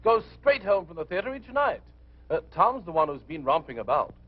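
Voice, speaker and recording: A man's voice: a little high, very animated, fairly quick. An actor playing a chipper, airy man, on a dull old film soundtrack. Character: chipper male theatre man, breezy.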